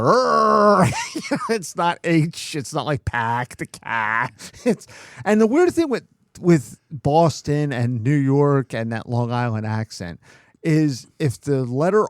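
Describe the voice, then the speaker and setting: A man's voice: mid-range voice, darkish tone, dry recording, studio quality. A man with a Philadelphia accent co-hosting a casual podcast, joking and laughing often and mimicking accents. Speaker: podcast co-host. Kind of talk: casual chat.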